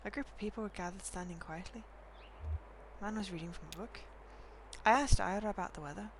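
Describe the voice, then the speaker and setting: A woman voicing an old woman quietly recalling a dream about her lost son, in a soft, hushed, reflective reading. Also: mid-range voice, brisk, background noise, lightly acted. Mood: wistful.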